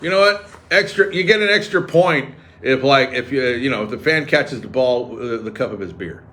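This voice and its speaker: Hosting a sports radio show, this man trades casual banter full of animated, sarcastic riffs and jokes, speaking at a normal speed in a medium pitch.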